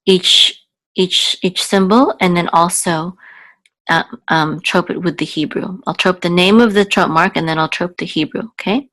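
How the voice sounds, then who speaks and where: A woman's voice: lowish voice, moderate pace, a bit bright, dry recording. A woman teaching Biblical Hebrew, explaining patiently with many fillers and then singing the chant marks. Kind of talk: explaining and chanting Torah cantillation.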